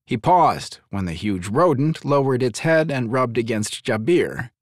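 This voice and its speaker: A male audiobook narrator with a mid-pitched voice that swings with lively intonation. The reading is dry and close, with no room sound. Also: measured pace, no room sound. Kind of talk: scripted narration.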